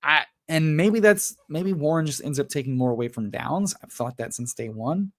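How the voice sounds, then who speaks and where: A man's voice: fairly high pitch, expressive, moderate pace. A young adult man hosting a live fantasy football stream, ranting with heavy profanity and then chatting casually with viewers. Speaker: fantasy football livestream host. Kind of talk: casual livestream chat and rant.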